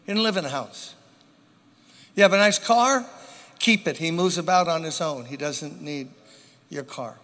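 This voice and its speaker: A high, bright male voice preaching a sermon in a church. He leans on dramatic pauses and repeats key phrases for emphasis. A long reverb trails each line through the sanctuary. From New York.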